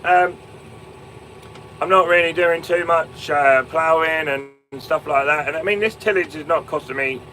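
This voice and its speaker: A man's voice: fairly high pitch, unhurried, sharp tone, a little hiss or hum, rough recording. A young man with an English Fenland accent, chatting casually on a live stream from his tractor cab, with lots of ums and restarts. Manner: chatty, many ums and restarts, calls viewers mate and my man. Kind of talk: casual live stream chat, answering viewers. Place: inside a tractor cab in a field. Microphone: phone.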